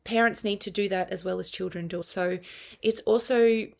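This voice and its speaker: A woman's voice: mid-range voice, steady tone, moderate pace, creaky. A middle-aged woman with an Australian accent, a family counselor explaining parenting earnestly in an interview. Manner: earnest, explanatory, with quoted dialogue. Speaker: guest, family and child counselor. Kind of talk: conversational interview.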